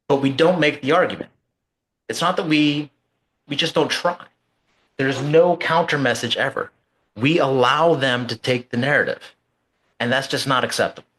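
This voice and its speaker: A man's voice: mid-range voice, fairly bright tone. A man co-hosting a casual political talk show, ranting angrily and swearing freely. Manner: angry, profane ranting. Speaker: podcast co-host.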